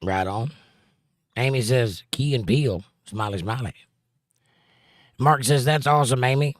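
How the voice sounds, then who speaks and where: A man in the middle of his range hosting a relaxed livestream. He reads viewers' chat messages aloud and greets them by name, tossing in playful rhymes and jokes. His voice is close and dry, with no room sound. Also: medium pitch, unhurried, no room sound. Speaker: livestream host reading chat. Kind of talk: casual chat.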